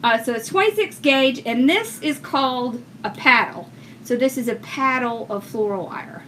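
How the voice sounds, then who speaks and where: A woman with a slightly high, somewhat bright voice talks at normal speed over a faint hiss or hum. She's giving a relaxed livestream craft tutorial on wreath making, working while reading viewer comments aloud.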